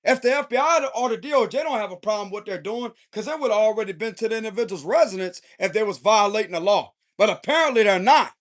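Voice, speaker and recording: Man, tarot reader, unusually high-pitched, heated, confrontational, swears a lot. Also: animated, fast talker, hardly any pauses. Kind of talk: unscripted tarot reading.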